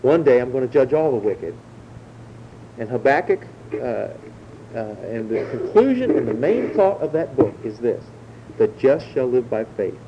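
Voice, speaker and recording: A man preaching a Bible sermon, explaining verses in a measured teaching way and slowing down to stress key words. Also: mid-range voice, big pitch swings, heavy background noise. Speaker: pastor.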